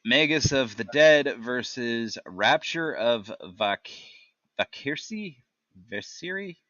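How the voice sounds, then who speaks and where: A man with a bright, forceful voice reads game ability text aloud in a relaxed chat, pausing to puzzle over names and think out loud. The sound is dry and close, though a little dull and lo-fi. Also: mid-range voice, no echo. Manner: reads tooltips haltingly, stumbles on names. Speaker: gaming podcast host. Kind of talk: casual chat reading game talents aloud.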